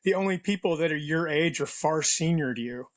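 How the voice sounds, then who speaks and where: A man's voice: on the high side, a little fast. Male co-host, slightly raised voice, wry, easygoing. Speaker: podcast co-host, retired Marine officer. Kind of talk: casual podcast conversation.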